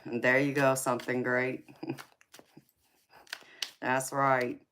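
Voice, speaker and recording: Extremely low yet fairly bright, her voice stays level and unhurried, with a little hiss or hum. The tarot streamer, a Californian with a Southern drawl, chats casually on her live stream, teasing viewers, laughing often and calling them honey and baby.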